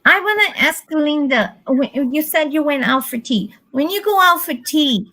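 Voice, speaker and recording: A curious woman asks questions during a casual group livestream. Her voice is high and moves around a lot. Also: lively intonation, normal speed, bright, forceful tone.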